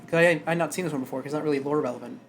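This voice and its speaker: A male streamer who reads a story aloud and then chats about it in an animated way, now and then stumbling over his words. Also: on the high side, very fast, soft background music. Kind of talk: live stream chat and story reading.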